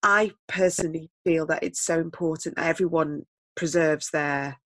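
A woman's voice: sits low, steady tone, moderate pace, a bit bright, dry recording. A woman hosting a podcast interview, speaking thoughtfully and a little hesitantly. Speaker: podcast host.

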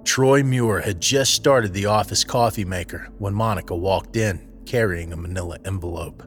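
Low-voiced male drama narrator. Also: moderate pace, a bit bright. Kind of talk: scripted audio-drama narration.

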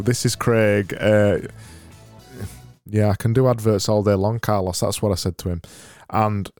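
A man's voice: on the low side, flat delivery, a little slow, a little mellow, faint music behind. A British man hosting a podcast, rambling through a comic monologue with stumbles and dry, self-mocking humor. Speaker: podcast host. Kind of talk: casual comedic monologue.

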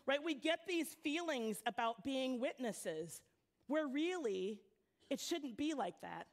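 A woman youth pastor giving a church sermon, praying and then telling stories in a relaxed, conversational way with frequent laughter. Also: sits high, a little slow. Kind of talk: sermon with storytelling. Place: church sanctuary.

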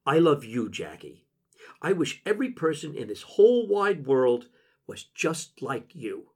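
A warm-hearted young girl in an audiobook, as the narrator reads her lines, gentle and sincere. The voice stays close to his own husky, expressive tone. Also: fairly high pitch, measured pace, heavily acted. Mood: loving.

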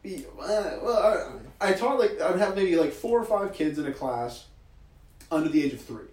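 A man talking in relaxed, joking podcast chat, using "like" all the time. His voice is a little higher than average. He sits back from the mic in an echoey room. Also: moderate pace, far from the mic. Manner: chatty, jokey, says "like" a lot. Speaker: podcast co-host. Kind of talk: casual chat.

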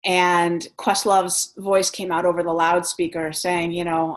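A woman vlogger telling travel stories in a chatty, animated way, laughing as she goes. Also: fairly low pitch, a little slow, few pauses. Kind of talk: casual storytelling vlog.

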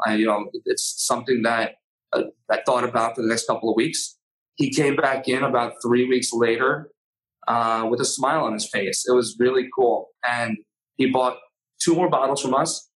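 An earnest man telling a personal story as a podcast guest. He talks haltingly, stopping and restarting his sentences, in an ordinary mid-range voice. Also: medium pitch, steady tone, a bit bright, rough recording. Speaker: podcast guest, cannabis brand owner.

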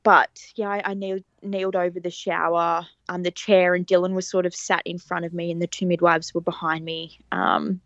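Brief: young woman, chatty podcast guest, expressive storyteller, slightly dull and dry recording. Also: lowish voice, normal speed, hardly any pauses, no echo. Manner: animated, laughs often, acts out quoted lines. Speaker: podcast guest telling her birth story. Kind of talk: casual storytelling interview.

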